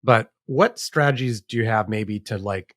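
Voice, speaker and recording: Halting man hosting a podcast. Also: fairly low pitch, a bit bright, dry recording, studio quality. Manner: halting, repeats words while forming questions. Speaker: podcast host. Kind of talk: podcast interview.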